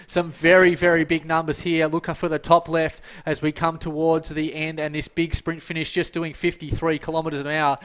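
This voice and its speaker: A man's voice: a little high, level tone, normal speed, few pauses, fairly bright tone, smooth. A man calling a virtual cycling race, jokey and bantering with his co-host. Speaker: race commentator. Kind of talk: sports commentary.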